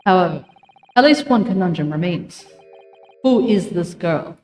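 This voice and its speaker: A woman voicing a formal older male judge who speaks in a measured, stately way. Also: fairly low pitch, lively intonation, darkish tone, roomy sound, big-room sound, soft background music.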